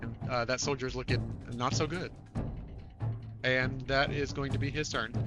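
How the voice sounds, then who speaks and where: Halting male game master over music. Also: medium pitch, fairly even intonation. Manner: halting, many filler sounds. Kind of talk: narrating a tabletop game.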